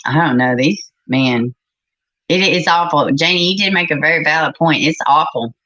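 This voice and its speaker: Middle-aged lady ranting to her stream chat, swears a lot, lowish voice, kinda muffled audio. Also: normal speed, sharp tone. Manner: blunt, profane, exasperated. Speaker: livestream host. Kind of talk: casual chat with a live chat. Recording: slightly muffled recording.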